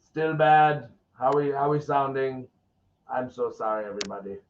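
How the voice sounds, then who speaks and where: A man's voice: mid-range voice, moderate pace. Goofy man on a muffled, echoey stream mic. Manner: goofy, apologetic about his audio, reads tweets aloud. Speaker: host. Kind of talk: casual live-stream chat. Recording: roomy, muffled, distant home-stream mic with faint background noise.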